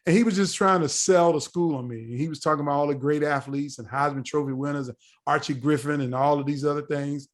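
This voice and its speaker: A man in his forties, a podcast guest telling a story in a casual, animated way and acting out the dialogue. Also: on the high side, fast talker. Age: 40s. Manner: animated, acts out quoted dialogue.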